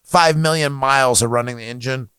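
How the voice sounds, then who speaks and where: A man from Alaska, a guest musician, chatting casually with a joking, rambling manner and deadpan asides. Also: mid-range voice, brisk, smooth, no echo, studio quality. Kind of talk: casual chat with ukulele playing. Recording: loud music underneath. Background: ukulele music.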